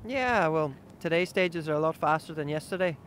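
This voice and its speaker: A man's voice: a little high, animated, moderate pace, fairly bright tone, a little hiss or hum. A young man, a rally driver, answering interview questions in an easygoing, hesitant way with many fillers.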